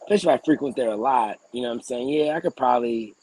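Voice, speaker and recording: A young man co-hosting a podcast, telling a story in an animated, profane rant and often clearing his throat. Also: mid-range voice, very fast, slight background noise, rough recording. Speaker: podcast co-host.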